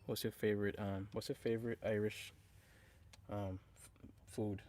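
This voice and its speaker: A man's voice: on the low side, level tone, moderate pace. A man, a singer-songwriter, chatting casually and jokingly with his livestream viewers, with lots of hesitations and fillers. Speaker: singer-songwriter streaming live. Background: guitar playing.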